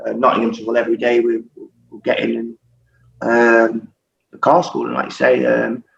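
A middle-aged former footballer with a creaky, mid-range voice tells his stories at normal speed in casual conversation. He laughs as he goes, swears often and stays animated. The audio is echoey, distant and dull, carrying faint noise.

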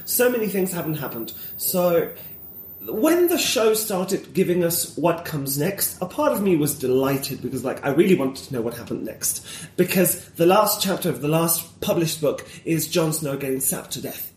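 A man's voice: on the high side, sing-song, moderate pace, darkish tone, echoey room, a little hiss or hum. A man talking as a guest in a casual conversation, enthusiastic and opinionated, wandering off on tangents.

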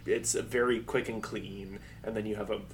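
A man's voice: fairly low pitch, fairly even intonation, moderate pace, noisy background. A man co-hosting a podcast in casual chat, rambling and laughing often as he acts out quotes. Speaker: podcast co-host.

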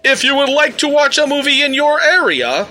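A man putting on the voice of a smooth male movie phone-line announcer, with a polished announcer delivery. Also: extremely high pitch, very animated, moderate pace, sharp tone, pitched above the performer's own voice, heavily acted.

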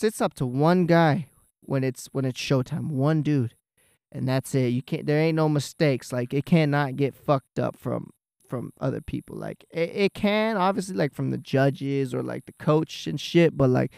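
A man rambles through a fight reaction, swearing freely and tripping over his own restarts. His voice is gravelly yet smooth and carries a bit high for a man. The sound is dry and close, with no room around it. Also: dry recording. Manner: excited, profane, rambling with restarts. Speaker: vlogger. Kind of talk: casual fight reaction monologue.

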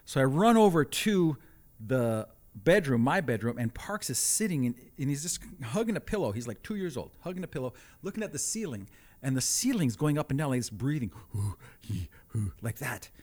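A man telling a comic personal story, animated with deadpan asides. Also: mid-range voice, a little fast.

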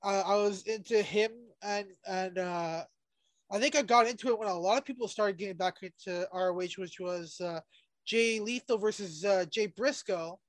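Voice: medium pitch, moderate pace, no echo. Podcast co-host, casual chat, rambling, swearing, lots of hesitations, dry close sound.

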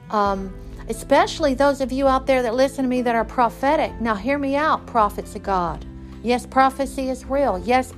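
A woman giving an earnest, folksy devotional talk and reading scripture aloud, with many fillers. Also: high-pitched. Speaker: preacher.

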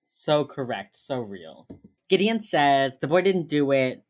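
A woman co-hosting a casual chat, retelling a TV episode with animated voices for the characters and frequent laughs. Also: very deep voice, slow. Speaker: podcast co-host recapping a TV episode.

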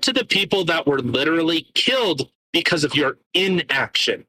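Sarcastic, swearing man, bright voice. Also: fairly high pitch, big pitch swings, slightly rough, dry recording, low-quality recording. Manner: sarcastic, swears often, reads charges aloud haltingly. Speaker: podcast co-host. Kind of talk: casual podcast rant.

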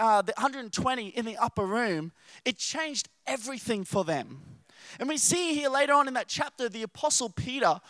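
A man's voice: very high voice, fairly bright tone, no room sound. A man preaching a sermon, telling stories with playful, acted-out voices.

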